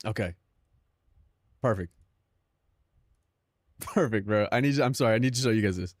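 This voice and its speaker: A man's voice: fairly low pitch, moderate pace, dry recording, clean studio sound. A young man streaming live, chatting casually, joking and swearing, often laughing at his own bits.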